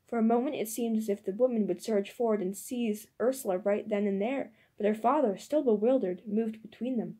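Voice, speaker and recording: Mellow-voiced woman audiobook narrator. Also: on the high side, a little fast, few pauses, breathy edge. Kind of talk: audiobook reading.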